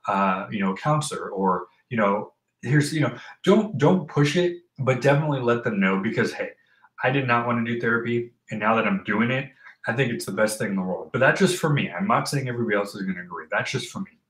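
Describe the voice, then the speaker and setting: A man's voice: medium pitch, expressive, a bit bright. Earnest man talking in an echoey room. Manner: earnest, halting, many fillers and restarts; reads from a list aloud. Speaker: host talking about mental health. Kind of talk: casual personal talk.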